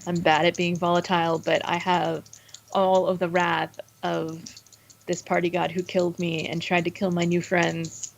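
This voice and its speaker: Gravelly-voiced woman on dull audio. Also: fairly low pitch, completely flat delivery, moderate pace, a little hiss or hum. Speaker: player. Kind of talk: casual tabletop play.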